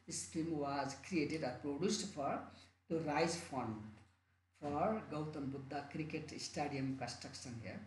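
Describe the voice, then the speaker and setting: A man's voice: fairly high pitch, measured pace, slight background noise. A man with a Nepali accent teaching an English exam-prep lesson online, repeating and rephrasing his points often. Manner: repetitive, restarts and rephrases often. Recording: echoey room, faint ambience.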